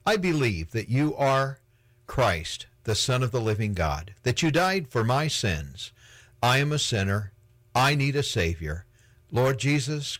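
Solemn man leading a prayer, lively pitch.

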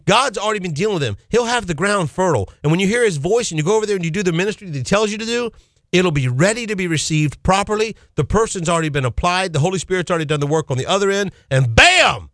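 A man's voice: high voice, fairly bright tone, no room sound, clean studio sound. A man hosting a Christian call-in radio show, preaching fervently and emphatically, often repeating his key phrases. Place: radio studio.

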